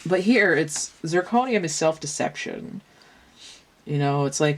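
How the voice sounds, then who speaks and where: A woman's voice: low voice, lively intonation, unhurried. A young adult woman talking casually through a tarot reading, thinking aloud in a meandering way with restarts. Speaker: tarot reader.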